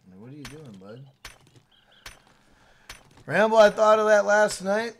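A man streaming a survival game with his wife, swearing freely, shouting hype catchphrases and reading out viewers' names from the chat. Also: high voice, animated, measured pace, a little hiss or hum. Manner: reads out chat names and thanks members. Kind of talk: casual livestream gaming chat.

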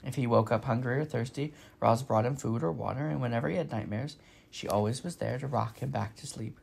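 A man reading a children's novel aloud with steady, expressive narration. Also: mid-range voice, brisk, vocal fry, a little hiss or hum. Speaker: storybook reader.

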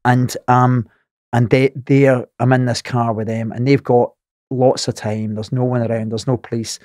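A middle-aged Scottish man with a thick Glaswegian accent spins a wild story as a podcast guest. He talks in an animated way, swears often and laughs through it, in a mid-range voice with a dry, close sound. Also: medium pitch, moderate pace, no room sound. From Scotland.

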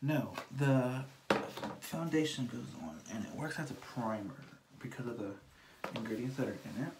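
A beauty vlogger chatting through a casual makeup tutorial with theatrical exclamations and quick whispered asides. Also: medium pitch, lively intonation, heavy background noise.

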